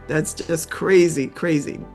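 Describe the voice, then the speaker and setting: An older woman, a memoir author being interviewed, tells a personal story haltingly, repeating words as she becomes tearful. Her voice is low-pitched, steady in tone and a little mellow, with faint music behind.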